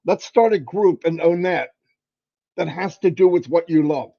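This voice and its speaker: A man hosting a livestream, giving an animated, folksy motivational talk. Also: fairly high pitch, normal speed, muffled recording. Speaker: livestream host.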